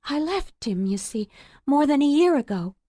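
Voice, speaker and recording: A woman's voice: sits high, sing-song, moderate pace, mellow, no echo, clean studio sound, pitched above the performer's own voice. A woman voicing a hesitant, guarded young woman. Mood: anguished. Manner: hesitant, raised and tight. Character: guarded young woman hiding a painful past. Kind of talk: audiobook character voice.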